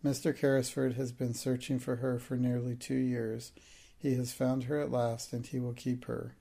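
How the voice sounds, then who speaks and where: A man voicing a solicitor who speaks in a quiet, level, steady and cool manner. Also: mid-range voice, moderate pace, gravelly.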